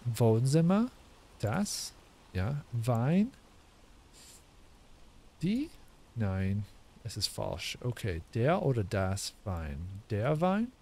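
A man's voice: medium pitch, very animated, drawn-out words, long pauses, darkish tone, slightly rough. A man thinking aloud as he practices a language he is learning, guessing at words and correcting himself as he sounds them out. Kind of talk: casual think-aloud commentary.

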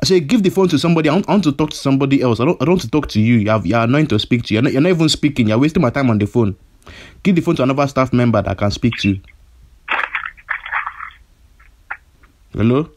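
A man's voice: mid-range voice, racing, darkish tone, lightly acted. A prank caller voicing a hot-headed male kidnapper who stammers and repeats himself, his threats escalating. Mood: irritated. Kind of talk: prank phone call.

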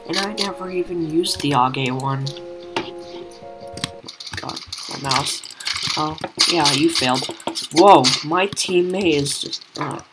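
A young woman giving self-deprecating gameplay commentary while playing, breaking into sudden excited outbursts. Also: sits low. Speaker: gamer.

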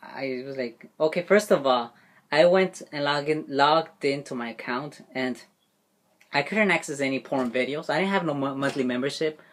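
A man vlogs to camera in a casual rant, indignant and swearing freely while laughing often. His voice is on the high side and fairly bright, and he talks at a moderate pace.

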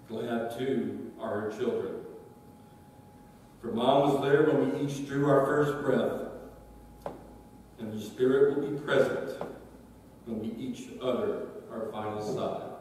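A man, one of her children, reading a tribute at a memorial service in a slow, measured way. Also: mid-range voice, a little mellow. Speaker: family member reading a tribute. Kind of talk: memorial eulogy. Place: large echoing hall. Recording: echoey hall, distant mic, faint hiss.

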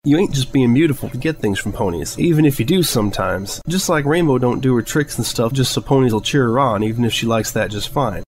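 A man's voice: mid-range voice, expressive, a little fast, few pauses, slight background noise, close to an everyday voice. A man doing a blunt, folksy farm pony mare. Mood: earnest. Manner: folksy rural dialect, blunt.

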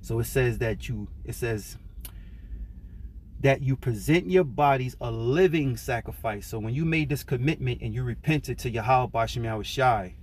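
A man teaching scripture in a relaxed, conversational way, drawing out and repeating key words for stress. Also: medium pitch, moderate pace. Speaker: preacher.

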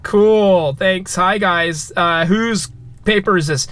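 Brief: high-pitched male let's-player, jokey, shouts at scares. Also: takes it slowly, slight background noise. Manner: excitable, yelps and shouts at scares; joking, talks to viewers. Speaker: gamer. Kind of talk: let's play commentary.

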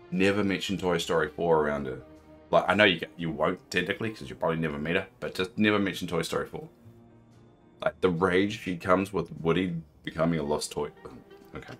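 A man from New Zealand streaming a video game, chatting casually and joking with bursts of excited exclamations. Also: deep voice, a little fast, soft background music. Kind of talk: casual live-stream commentary.

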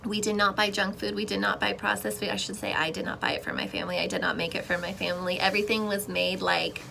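A young woman sharing a personal faith testimony in casual, expressive storytelling, with emotional swings and frequent restarts. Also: mid-range voice, fast talker, vocal fry, slight background noise, poor audio.

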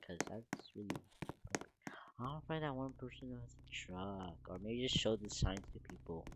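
A teenage boy giving casual, rambling gameplay commentary, with sudden loud outbursts and voice cracks. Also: on the low side, a little fast. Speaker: gaming video creator. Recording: noisy home mic recording.

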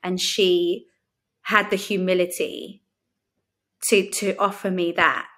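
A woman, a podcast guest giving a frank, lively personal testimony in conversation and acting out the people she quotes. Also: lowish voice, takes it slowly. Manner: frank, lively storyteller who acts out quotes.

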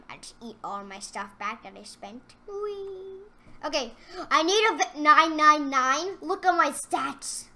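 High, bright-voiced excitable female gamer. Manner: excitable, trash-talks opponents, drops to mumbled asides. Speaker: gaming channel host. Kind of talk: casual gameplay commentary.

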